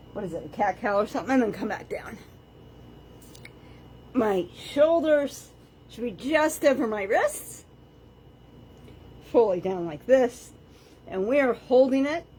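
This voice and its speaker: A woman's voice: on the high side, darkish tone, a little hiss or hum. Chatty woman coaching a home floor workout. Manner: chatty, self-joking, counts reps aloud. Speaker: fitness instructor. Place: indoors at home, on a floor mat. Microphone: camera on the floor.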